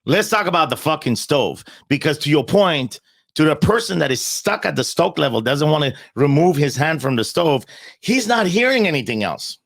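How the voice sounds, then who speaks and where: A man's voice: fairly high pitch, very animated, moderate pace, creaky, a bit bright, no echo. A man in a casual podcast conversation, talking bluntly and emphatically, often repeating words as he starts a point and swearing freely.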